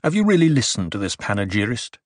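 A calm, unflappable male advisor, played by the narrator, with a slightly lowered, measured voice that reasons evenly. The sound is dry and close-miked. It is a low-key audiobook character. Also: no room sound.

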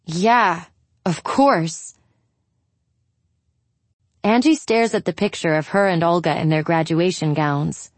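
A woman reading a novel aloud in the first person, telling the story at a measured pace. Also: fairly low pitch, dry recording. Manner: slow, measured storytelling with lively intonation. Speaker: audiobook narrator.

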